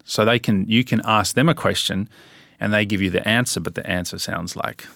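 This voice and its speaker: An Australian man explaining things to an interviewer in a lively, demonstrative way, with drawn-out vowels. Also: lowish voice, vocal fry, no echo, studio quality. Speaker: interview guest. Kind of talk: conversational explanation.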